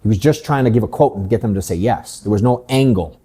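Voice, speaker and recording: A man's voice: lowish voice, fast, warm tone, slightly rough. A man in his thirties, a sales coach hosting a workshop in his office, talking bluntly and candidly and swearing casually.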